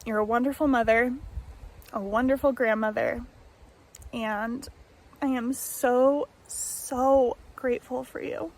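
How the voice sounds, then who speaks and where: A young American woman vlogging, speaking an emotional tribute to her grandmother, halting often with fillers and restarts. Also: high voice, a little mellow, poor audio. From United States. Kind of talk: heartfelt tribute and vlog narration.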